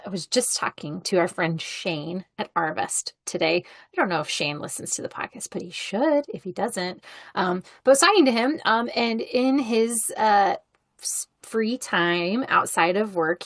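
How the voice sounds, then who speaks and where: A woman co-hosts a podcast and talks in a relaxed, chatty way, with plenty of ums. Her voice sits in the middle range. The recording is dry and close, with no room sound. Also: mid-range voice, unhurried, no echo. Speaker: podcast co-host. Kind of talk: casual podcast chat.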